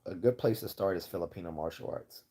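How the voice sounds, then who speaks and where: Low, mellow Baltimore man. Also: quick pace, husky. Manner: rambling, many fillers and restarts. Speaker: livestream host. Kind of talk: casual livestream Q&A.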